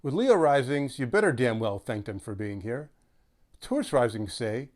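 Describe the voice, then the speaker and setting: A man delivers an astrology talk as a comic monologue, dry and wisecracking. His pitch sits in a middle register but swings up and down a lot. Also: very animated, normal speed. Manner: sardonic, wisecracking. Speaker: guest astrologer.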